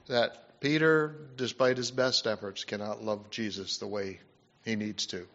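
A man delivers a sermon in a lowish, creaky voice, swinging from loud, emphatic passages to soft, hushed ones. He halts, restarts, and uses fillers. The recording is dull and lo-fi.

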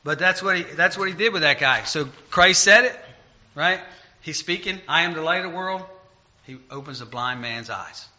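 A male preacher speaks in a loose, conversational way and turns loud and emphatic as he retells stories. His voice is fairly high and very bright. The recording sounds dull and lo-fi. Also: moderate pace. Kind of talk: informal sermon.

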